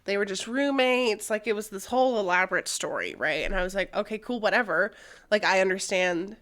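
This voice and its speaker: A woman's voice: mid-range voice, fairly quick, a bit bright. Candid, profane young woman telling a story. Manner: candid and profane, with many fillers. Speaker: podcast co-host.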